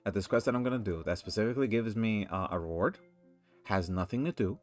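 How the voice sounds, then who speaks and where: A man's voice: on the low side, animated, fast talker, faint music behind. A man giving casual gameplay commentary, rambling and ranting in exasperation. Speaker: let's play commentator.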